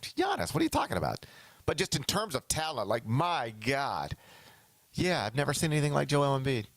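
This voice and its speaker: Animated male sports talk host. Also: mid-range voice, brisk, dry recording. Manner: animated, slips into mock quotes of others.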